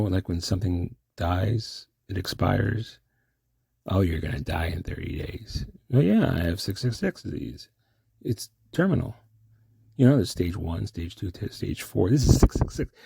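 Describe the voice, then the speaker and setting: A man rambling through a comic monologue in halting, stammering restarts. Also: low voice, expressive, gravelly, warm tone, husky, no room sound.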